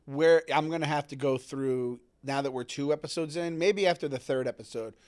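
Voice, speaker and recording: A man co-hosting a podcast, talking in a rambling, animated way with many restarts. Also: on the high side, moderate pace. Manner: rambling, self-interrupting, animated. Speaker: podcast co-host. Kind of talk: casual podcast chat.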